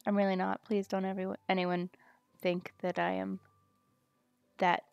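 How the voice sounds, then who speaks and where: A young woman streaming a video game, muttering to herself as she plays and bursting into excited squeals. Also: mid-range voice, normal speed, vocal fry, dry recording, muffled recording. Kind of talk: casual gaming stream chatter.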